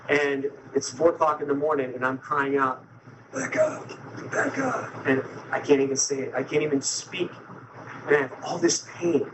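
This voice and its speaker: A man's voice: fairly high pitch, noisy background. A man telling his recovery story to an audience with self-mocking humor, retelling scenes and quoting people as he goes.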